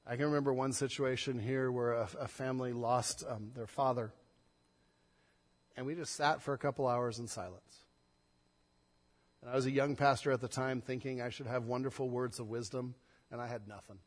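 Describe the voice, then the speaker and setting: A man, a pastor, preaching a sermon, swinging between loud emphatic stress and soft, hushed passages. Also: mid-range voice, steady tone, normal speed, in a large hall.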